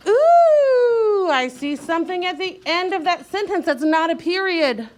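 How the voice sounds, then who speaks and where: A woman teacher leading a young child through a reading lesson, slow and clear, sounding out letters and encouraging. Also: very high-pitched, sing-song, darkish tone.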